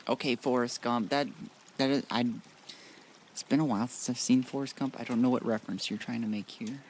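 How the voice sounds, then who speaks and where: A man's voice: mid-range voice, steady tone, fairly quick, a little mellow, slight background noise. A man streaming a modded game, chatting casually in a rambling, blunt way with frequent restarts. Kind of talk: casual live-stream chat.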